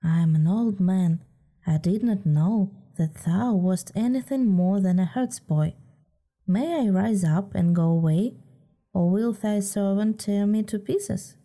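A woman voicing a frightened old village hunter who speaks in a husky whisper, for a storybook reading. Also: medium pitch, measured pace, mellow. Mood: fearful.

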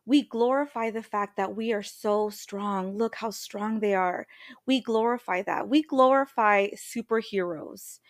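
A middle-aged woman hosting a motivational podcast, candid and emphatic, slowing down to stress repeated phrases. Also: medium pitch, dry recording, clean studio sound. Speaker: podcast host and healer.

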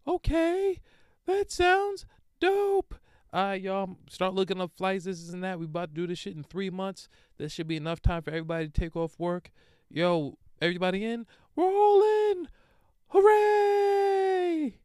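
A man's voice: high voice, moderate pace, a little mellow, clear, resonant tone, no room sound, clean studio sound, pitched above the performer's own voice, close to an everyday voice. A man squealing as a giddy friend planning a trip. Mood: giddy, cheering. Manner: squealing, cheering, gushing. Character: overexcited young male friend cheering on a group trip.

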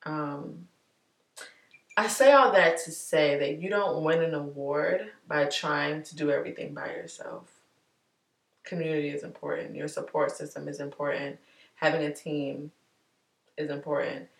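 A woman vlogger talking candidly and warmly to her viewers, chatty and heartfelt, calling them y'all. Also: low voice, steady tone, measured pace, vocal fry, roomy sound, distant mic. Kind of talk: candid personal vlog talk.

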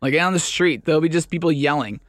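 A man's voice: a little high, fast, dry recording. Man, podcast co-host, casual rambling chat, playful, dry close sound. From Chicago area. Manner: rambling, playful, puts on loud yelling voices.

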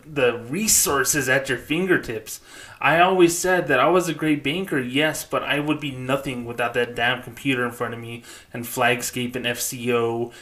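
Ranting casually and bluntly, with plenty of profanity, a man who used to work at a bank and now advocates for customers keeps stopping to say "okay?" His voice is medium-pitched and a bit bright.

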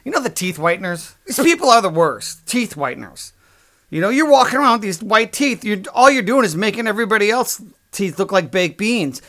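A man's voice: high voice, animated, a little fast, a bit bright. A man hosting a podcast, ranting in a sarcastic, crude, exasperated comedic monologue. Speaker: podcast host.

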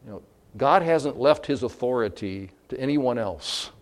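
A man's voice: medium pitch, expressive, measured pace. Earnest male preacher mid-sermon. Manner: earnest, with fillers and restarts. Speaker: pastor.

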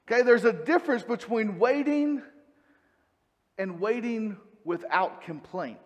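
A man with a high voice delivers a sermon with earnest, conversational warmth. He turns to the congregation with questions. His voice rings through a hall with a long reverb tail. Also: animated, a little slow. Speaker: preacher.

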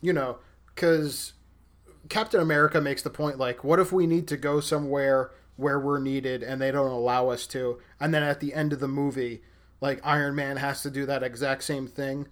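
A man's voice: mid-range voice, fairly even intonation, normal speed. A man co-hosting a casual movie discussion, hesitating and thinking aloud with fillers. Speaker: podcast co-host.

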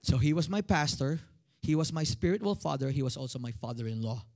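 A man's voice: mid-range voice, a little fast, creaky. A man in his thirties with a Filipino accent, preaching a sermon and calling out to his congregation. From Philippines. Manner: animated, calls out to the congregation. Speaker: pastor.

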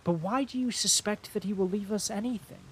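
A man reading an audiobook and voicing a calm, skeptical young aristocrat questioning his mother. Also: high-pitched, fairly quick, husky, pitched above the performer's own voice. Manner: cool, questioning. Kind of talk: audiobook character voice.

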